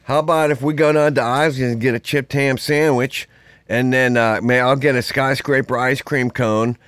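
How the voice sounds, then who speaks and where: A man's voice: medium pitch, steady tone, normal speed, fairly bright tone, clear, resonant tone, dry recording, natural voice. A man doing a folksy Pittsburgh local. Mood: chatty. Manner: chatty, rambling, folksy. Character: easygoing male Pittsburgh local planning a day out.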